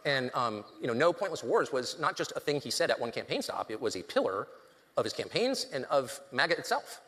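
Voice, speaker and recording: A man's voice: mid-range voice, very animated, a little fast, a bit bright, in a large hall. A man in his fifties giving a political speech to students, emphatic and rambling, with many ums and restarts.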